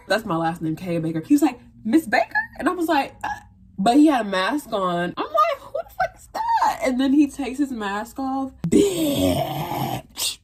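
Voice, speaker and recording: A young woman telling a storytime vlog, animated and profane, squealing into high voices for quoted lines. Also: slight background noise.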